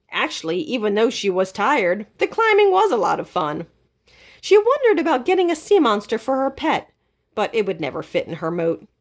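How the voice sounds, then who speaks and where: Woman librarian, storybook read-aloud, very lively pitch, slow and clear. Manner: expressive, animated read-aloud. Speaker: children's librarian. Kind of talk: children's storybook reading.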